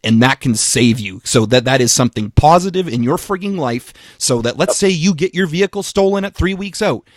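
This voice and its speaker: Energetic man coaching on a podcast, dry sound. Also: fairly high pitch, brisk, hardly any pauses, no echo. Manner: energetic, emphatic, frequent restarts and repeated words; casual swearing. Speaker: fitness coach and podcast co-host. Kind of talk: casual podcast chat.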